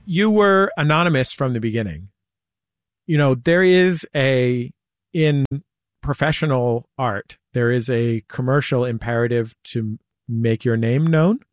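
A man hosting a radio interview. He asks long, winding questions in a relaxed way and slips in wry jokes. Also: medium pitch, unhurried, no echo, studio quality. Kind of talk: conversational interview. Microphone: studio mic.

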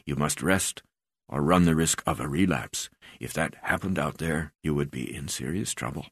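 A man's voice: extremely low pitch, normal speed, slightly rough, no room sound, clean studio sound. A man reading the lines of a stern male doctor who gives a firm warning.

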